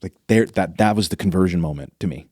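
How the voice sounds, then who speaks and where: A man's voice: deep voice, quick pace, a little mellow, no echo, studio quality. A man telling a personal faith story as an interview guest, earnest and emotional, often restarting his sentences.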